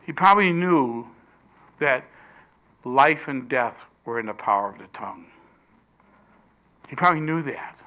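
A man preaching a sermon, swinging between loud emphasis and hushed whispers. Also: medium pitch, expressive, a little slow, long pauses.

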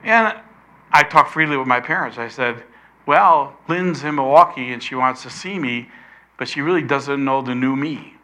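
An older man preaching a sermon, emphatic, slowing down to stress key words. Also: medium pitch, pushed and bright.

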